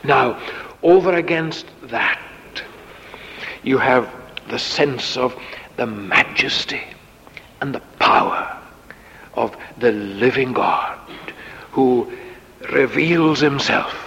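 Male preacher for a slow, weighty sermon; dull, muffled recording with a long echo. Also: mid-range voice, vocal fry, bright, forceful tone. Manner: slow, deliberate, with dramatic sarcastic quoting. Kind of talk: sermon, Bible exposition.

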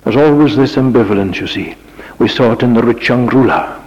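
A man preaching a sermon in a church, with dramatic rising questions and sudden quiet passages. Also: mid-range voice, a little fast, long reverb tail, highs cut off.

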